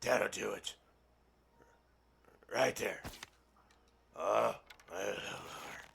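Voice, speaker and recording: A man's voice: fairly low pitch, slow pace, vocal fry, fairly bright tone, slight background noise. A man reading a book aloud in a game roleplay, breaking off into crude, profane, mocking asides. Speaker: gaming roleplay streamer.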